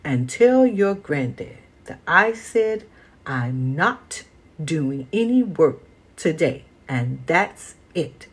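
Grumpy old storybook mule woman doing it, snappy, refuses to budge, slow. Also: sits low, very animated, slightly rough, full character voice. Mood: stubborn. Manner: snappish, defiant.

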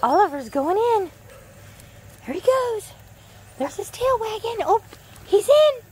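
Lady cooing at her puppies outside in a yard, very high voice that swoops all over, faint outdoor noise behind. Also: big pitch swings, slow, darkish tone. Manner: high sing-song baby talk to pets. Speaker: dog owner filming puppies. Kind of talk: casual chat to puppies.

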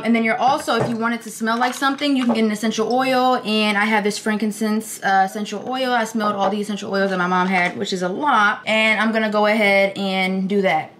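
A young woman chatting casually to her vlog camera, sassy and talkative, talking back at other drivers. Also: medium pitch. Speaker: vlogger. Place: in a car while driving, then at home. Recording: noisy car recording with wind.

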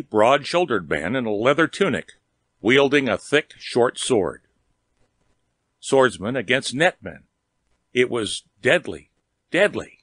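A man reading a story aloud in a steady, measured storytelling manner. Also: medium pitch, no echo. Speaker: narrator. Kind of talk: audiobook reading.

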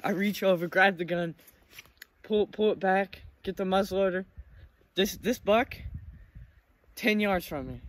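A teenage boy vlogging an emotional, excited hunting story to his viewers. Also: sits high, measured pace, long pauses, no room sound. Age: teens. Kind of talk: casual storytelling to camera.

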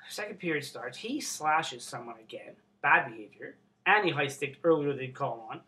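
A young man from Canada vlogging casually, excitable and swearing constantly. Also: fairly high pitch, moderate pace. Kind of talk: casual unboxing vlog.

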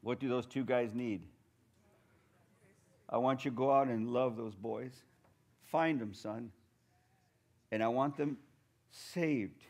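A man's voice: medium pitch, takes it slowly, pauses often, a little mellow. A man voicing his elderly mother, a firm, devout woman who scolds her grown son with fondness. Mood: earnest.

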